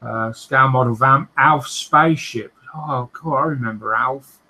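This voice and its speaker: A man's voice: mid-range voice, moderate pace, bright, forceful tone, rough recording. A man hosting a modelling livestream, chatting casually and reading out viewer comments, often laughing, with lots of fillers and restarts.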